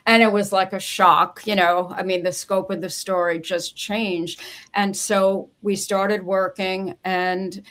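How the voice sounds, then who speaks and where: A woman's voice: mid-range voice, little pitch movement, slow pace. A woman who works as a memoir ghostwriter, telling a heartfelt client story in a casual interview. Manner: earnest, emotional storytelling with soft laughs. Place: home office on a video call.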